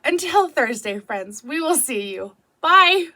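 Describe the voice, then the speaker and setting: A woman's voice: sits high, measured pace, pushed and bright. A woman hosting a quilting tutorial, wrapping up in a chatty, easygoing, self-deprecating way. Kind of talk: casual tutorial chat.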